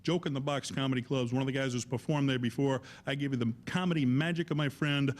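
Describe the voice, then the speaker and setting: A man hosting a comedy cooking show, chatting briskly and hospitably with his guest. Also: mid-range voice, steady tone, noisy background. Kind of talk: casual chat.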